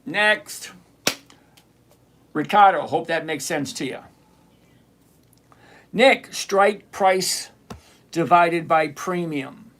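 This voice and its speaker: A man's voice: fairly high pitch, very slow, pauses often, a bit bright, a little hiss or hum. A man hosting a live trading stream, chatting with viewers by name and teasing them as he walks through option math. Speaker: livestream trading show host. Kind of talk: live-stream chat answering viewer comments.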